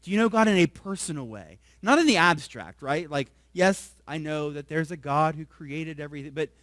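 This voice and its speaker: A male pastor preaching a sermon. He keeps asking the congregation questions, tags his points with "right?", and swings from soft, low asides to loud emphasis. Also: animated, moderate pace, no room sound, studio quality.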